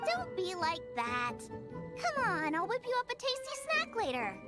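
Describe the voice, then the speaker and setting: Bubbly young chef girl, chatty n eager, high lively voice over game music. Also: normal speed, full character voice. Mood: cheerful. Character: young female chef, cheerful and adventurous.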